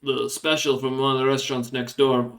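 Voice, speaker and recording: A man's voice: medium pitch, level tone, brisk, a bit bright, natural voice. A man voicing a weary, sarcastic male prison guard who talks down to the prisoners. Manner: sighing, sarcastic.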